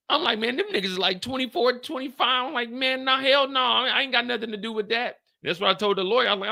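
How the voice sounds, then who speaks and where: In his late thirties, this livestream host tells a story with animated, profane energy, addressing his chat directly. His voice sits a little high.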